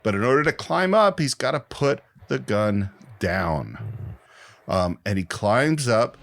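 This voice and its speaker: A man in casual podcast chat, his pitch rising and falling freely as he tells stories. His voice sits at a middling height, and he breaks into laughter often. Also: unhurried, over music. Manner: animated storytelling, laughs often. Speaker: film podcast co-host.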